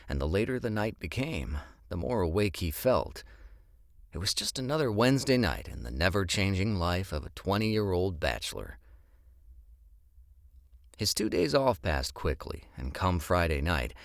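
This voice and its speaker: Guy narrating an audiobook, low voice, lots of swing in how he says things, expressive. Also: gravelly, dry recording, clean studio sound. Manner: expressive storytelling.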